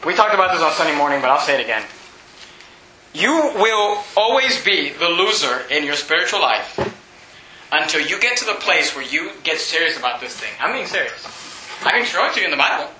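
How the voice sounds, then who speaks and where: A man, a pastor, preaching an impassioned sermon, often shouting and then dropping to a hush. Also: a little high, very animated, brisk, echoey room, a little hiss or hum, rough recording. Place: church sanctuary.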